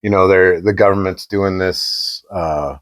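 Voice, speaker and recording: A man co-hosting a podcast, chatting casually and telling an animated story, acting out the quoted exchanges. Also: low-pitched, measured pace. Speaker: podcast co-host.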